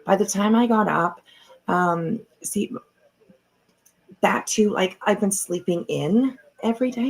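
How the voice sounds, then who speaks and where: A middle-aged woman chats casually to her livestream audience from home, speaking into her computer mic. Her voice has a gravelly edge and a husky texture. She rambles with side comments and swears freely. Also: medium pitch, takes it slowly, pauses often, poor audio. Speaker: livestream host.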